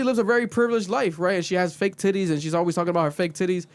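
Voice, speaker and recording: Brief: male podcast host, slightly high voice, lively and profane, close dry mic. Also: rapid-fire, no room sound. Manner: animated, profane storyteller who recaps shows. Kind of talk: casual podcast chat.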